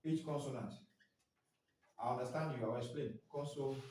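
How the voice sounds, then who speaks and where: A man's voice: mid-range voice, fairly quick, dark tone. A man in his forties running a staff training, quizzing the group and spelling out letters one by one. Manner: quizzing, often ends phrases with a prompting "what?". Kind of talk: classroom training lecture. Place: indoor training room. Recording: echoey room, mic far off.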